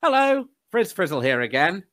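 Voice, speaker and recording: A man performing a sweary comic song in a sung-spoken, deadpan way. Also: high voice, normal speed, over loud music. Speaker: comic musician.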